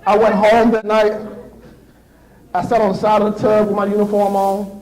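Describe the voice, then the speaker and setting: A man in his thirties giving a motivational speech to students, telling stories in an animated way and acting out voices and sound effects. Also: high voice, normal speed, long pauses, a little hiss or hum, low-quality recording. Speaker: motivational speaker. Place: school assembly.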